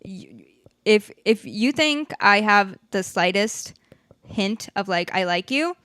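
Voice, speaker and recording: A woman's voice: mid-range voice, slow pace, dry recording, studio quality. A young woman hosting her own podcast, talking candidly and venting with frequent swearing. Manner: frank and profane, animated venting. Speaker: podcast host. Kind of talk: candid solo podcast chat.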